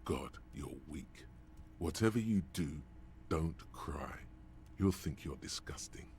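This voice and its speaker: A man's voice: animated, slow, a little mellow, slight background noise, exaggerated voice. A man voicing a harsh, mocking inner narrator voice in a video game. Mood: taunting. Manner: deep, mocking, commanding. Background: game music.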